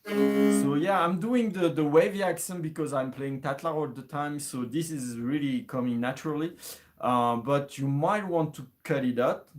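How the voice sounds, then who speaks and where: A man's voice: fairly high pitch, normal speed. A man giving a casual music lesson, thinking aloud, hesitating and restarting with many fillers. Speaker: music teacher.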